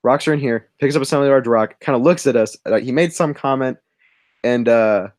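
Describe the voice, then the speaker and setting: A young man tells a casual story on a livestream while drawing. He rambles, restarts his sentences and laughs through them. His voice sits at a middle pitch and is recorded close and dry. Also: fairly quick, a little mellow, no echo.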